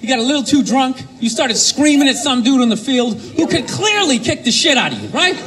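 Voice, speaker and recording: A male stand-up comedian doing an animated routine, shouting his punchlines in mocking bursts. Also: extremely high pitch, brisk. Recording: live club set with crowd laughter and noise. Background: audience laughing.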